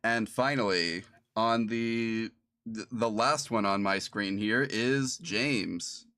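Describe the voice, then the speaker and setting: A man's voice: lowish voice, slow, sharp tone, no echo, clean studio sound. A man streaming as game master of a tabletop playtest, laughing often and rambling through restarts. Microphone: streaming mic.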